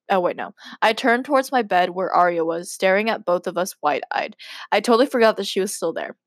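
In studio-quality audio with no echo, a podcast host reads from her old stories in a medium-pitched voice. The young woman keeps interrupting herself with giggles and self-mocking asides.

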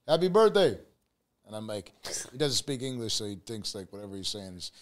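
A man's voice: on the low side, fast talker. A man in his thirties from Buffalo, New York, hosting a casual podcast chat and telling stories with plenty of swearing and acted-out quotes. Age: 30s. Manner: animated storyteller acting out quoted lines, profane. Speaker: podcast host.

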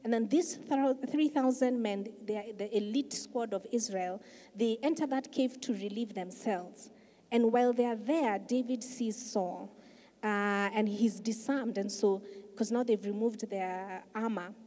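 A woman's voice: medium pitch, a little slow. Woman pastor preaching in an echoing hall. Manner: emphatic storytelling, swelling louder for key points. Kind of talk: sermon. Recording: long reverb of a large hall.

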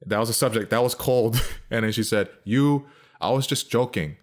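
A deep-voiced man casually telling a story, laid-back and swearing freely. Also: moderate pace.

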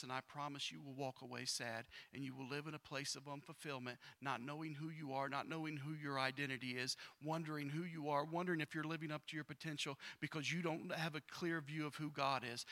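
A male pastor preaching a sermon. He reads scripture aloud, uses casual slang and repeats himself, and swings from loud bursts to quiet asides. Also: fairly high pitch.

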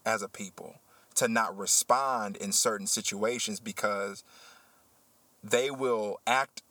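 A man who works as a teacher, hosting a casual podcast chat and telling a story with animated, heated energy. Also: fairly low pitch, slow, no room sound. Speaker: podcast host.

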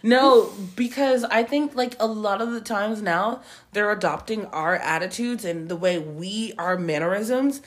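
A woman co-hosting a casual podcast, telling stories with lots of expression and mimicking children in high voices. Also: measured pace. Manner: animated storyteller, mimics kids in high voices. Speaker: podcast co-host. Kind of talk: casual chat.

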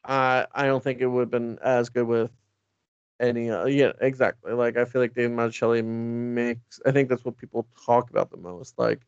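A man talks casually and rambles through a conversation about comics. He stacks up fillers and acts out quotes with energy. His voice has a gravelly edge, and the sound is dry and dull. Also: medium pitch, moderate pace, no echo. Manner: rambling, lots of fillers, animated quoting. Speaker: podcast co-host. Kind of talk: casual comic-book chat.

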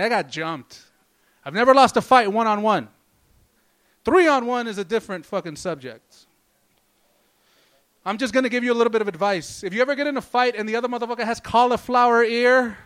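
High-voiced, foul-mouthed stand-up comedian. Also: male voice, a bit bright, clean tone. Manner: profane, rambling, loose delivery.

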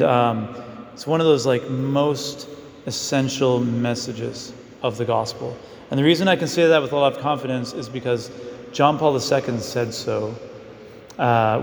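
A man's voice: mid-range voice, creaky, a little hiss or hum. A male priest giving a casual, story-driven homily, full of fillers as he talks to the congregation. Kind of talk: conversational mission homily. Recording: echoey hall with long reverb.

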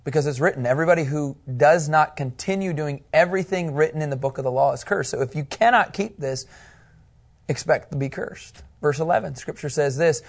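A man teaching a Bible class, animated and asking his students questions as he goes. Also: on the high side, fairly quick.

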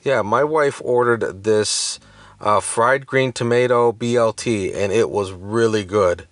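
This thirtysomething podcast co-host talks casually, hesitating often and restarting with many uhs and self-corrections. His voice is on the low side and unhurried, with no echo.

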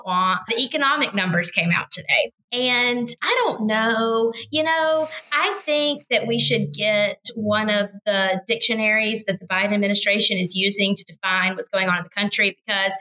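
A woman's voice: medium pitch, normal speed, pushed and bright, rough recording. A woman co-hosting a podcast in casual political chat, wry and joking, with laughs between her points. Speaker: podcast co-host.

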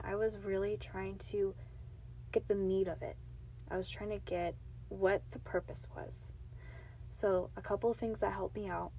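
A woman's voice: medium pitch, darkish tone, a little hiss or hum. A woman in her thirties hosting her own podcast from a home closet, telling her faith testimony in an earnest, emotional, confiding way. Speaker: podcast host. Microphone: podcast mic on a box.

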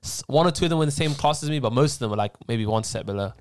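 A young man talks quickly in a casual podcast chat. His pitch sits in the middle range, and he rambles through his stories with plenty of slang. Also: animated, clear, resonant tone. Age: young adult. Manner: rambling storyteller, laughs often. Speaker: podcast co-host.

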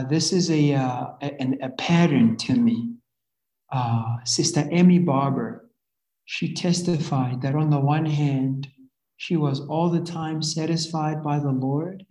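A man gives a sermon slowly and earnestly, pausing to rephrase and repeat himself as he works through his point. His voice is soft and warm, and it rings in an echoey room. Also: a little high. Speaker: preacher.

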